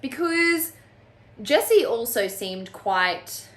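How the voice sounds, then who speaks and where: A woman's voice: fairly high pitch, lively intonation, slow. A woman reviewing a book on her channel in a casual, sarcastic and exasperated way, often mocking the characters.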